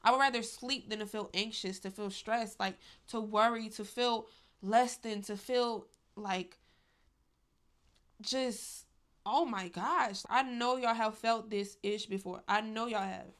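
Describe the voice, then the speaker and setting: A woman's voice: fairly high pitch, steady tone, unhurried, fairly bright tone. A young adult woman talking candidly to her viewers in a casual vlog, emphatic and chatty, saying "y'all" and "like" often. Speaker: vlogger.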